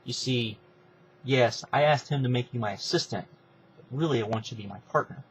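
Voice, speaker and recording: A man's voice: medium pitch, brisk, slight background noise, lightly acted, low-quality recording. A man doing a scheming wrestling executive. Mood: scheming pitch. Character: scheming middle-aged male wrestling executive, persuasive.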